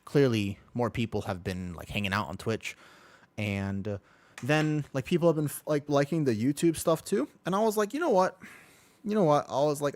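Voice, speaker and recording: A man's voice: mid-range voice, dry recording. A man streaming from his bedroom, chatting casually with viewers and swearing freely. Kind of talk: casual chat to a live stream.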